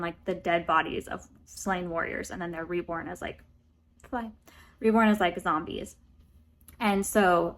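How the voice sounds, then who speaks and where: A woman's voice: lowish voice, fairly bright tone, a little hiss or hum. A woman reviewing books and films in a casual, rambling chat, with lots of fillers, blunt opinions and frequent laughs. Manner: blunt, laughs between points. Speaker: book and film reviewer.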